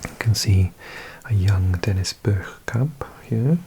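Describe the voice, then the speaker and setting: A man with a Welsh accent, hosting an ASMR video and reading aloud in a slow, hushed mix of whisper and soft speech. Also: fairly low pitch, expressive, slight background noise, rough recording. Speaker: ASMR host.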